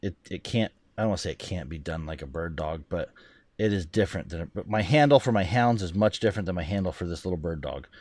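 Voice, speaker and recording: Low-voiced podcast host, dry sound. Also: male voice, lively intonation, a little mellow, dry recording. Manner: easygoing, halting, restarts. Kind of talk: casual chat.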